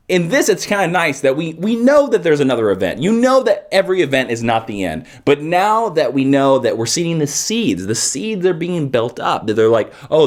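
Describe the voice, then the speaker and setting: Male comic reviewer, animated and playful, expressive high-ish voice. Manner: animated, jokey, playful asides. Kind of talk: casual video review.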